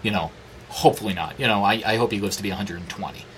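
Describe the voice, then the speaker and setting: A man in his forties, an interview guest, telling personal stories in a candid, profane, animated way and acting out what others said. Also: lowish voice, fast talker, slight background noise. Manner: profane, animated, acts out quoted dialogue. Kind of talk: candid storytelling conversation.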